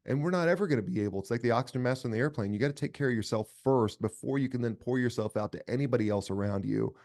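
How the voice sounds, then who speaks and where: A man's voice: mid-range voice, very fast, a little mellow. A middle-aged man speaking as a podcast guest, earnest and emphatic, often restarting his words. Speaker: podcast guest, company cofounder. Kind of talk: casual conversational interview.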